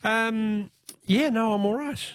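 A man's voice: high-pitched, slow pace, slight background noise. An Australian man hosting a late-night talk radio show in a studio, chatting casually and often correcting himself. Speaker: radio host.

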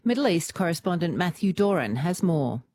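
A woman reading a radio news bulletin in a measured, formal manner. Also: on the low side, big pitch swings, a little mellow. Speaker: newsreader.

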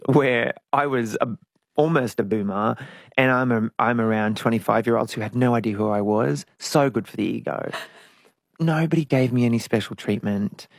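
A middle-aged woman speaks candidly in an interview, with a gravelly edge to her voice. She is reflective and sometimes lively, and the recording is dry and close. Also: very deep voice, no echo. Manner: frank and reflective, animated at times. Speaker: interview guest, singer.

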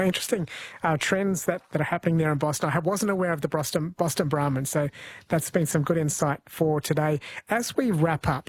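Husky-voiced host asking questions. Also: medium pitch, no room sound. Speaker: radio host. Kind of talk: casual interview chat.

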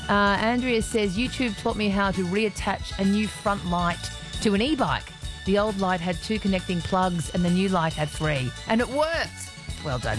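A woman with an Australian accent hosting a radio phone-in quiz, chatty and teasing, laughing often. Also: mid-range voice.

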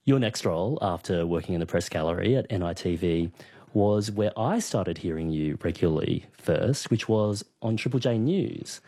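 Woman interviewer, husky, animated intonation, dry sound. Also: rumbling low, dry recording. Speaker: interview host.

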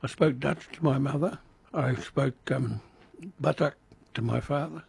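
Older aussie guy, super husky gravelly voice, dry close sound, reminiscing with dry jokes. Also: mid-range voice, measured pace, darkish tone, no echo. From Indonesia. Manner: reflective, dry humour, some restarts. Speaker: interviewee. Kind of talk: oral history interview.

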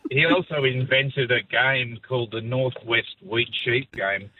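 Laid-back Australian caller on tinny line. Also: male voice, medium pitch, steady tone, measured pace. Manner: laid-back, plain-spoken. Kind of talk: phone-in storytelling. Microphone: telephone. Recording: tinny phone line with hiss.

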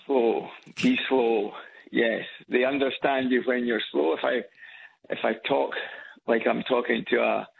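A man's voice: mid-range voice, steady tone, moderate pace, creaky, slight background noise. Edinburgh Scottish man on a phone line. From Scotland. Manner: chatty, hesitant with fillers and repeats. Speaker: radio caller. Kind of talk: casual phone-in chat. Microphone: phone on loudspeaker.

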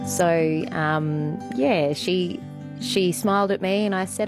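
A woman telling a story on radio in a warm, chatty way with many ums. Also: fairly low pitch, a little slow, music in the background. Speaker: radio guest. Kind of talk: casual storytelling.

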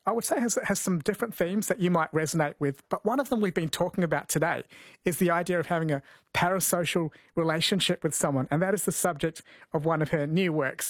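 A man's voice: on the high side, no echo, studio quality. A man from New Zealand hosting a radio show and interviewing a guest in a friendly, conversational way. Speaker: radio host. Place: radio studio.

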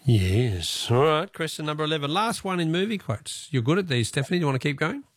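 A man's voice: on the high side, sing-song, brisk, no echo, clean studio sound. A man with an Australian accent hosting a radio quiz in a breezy, teasing way. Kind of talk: casual radio chat.

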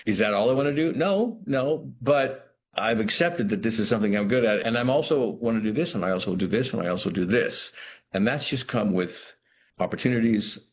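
A middle-aged man with a very low voice, talking slowly and reflectively as an interview guest. He stops and restarts his phrases often, leaning on "you know" while he searches for the word. A faint background hum sits behind him. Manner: thoughtful, halting, many restarts and "you know".

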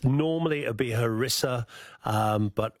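A man with a Scouse accent, a chef guest chatting casually about cooking on the radio, halting with many fillers and restarts. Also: mid-range voice, no echo, studio quality.

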